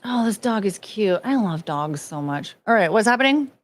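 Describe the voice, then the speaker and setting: A woman's voice: medium pitch, expressive, normal speed. A woman hosting a casual stream, chatting frankly and crudely with viewers, giggling often.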